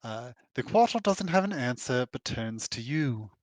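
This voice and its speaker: A man's voice: mid-range voice, very animated, unhurried, no echo. A man running a tabletop game as game master, narrating with laughing, self-deprecating asides.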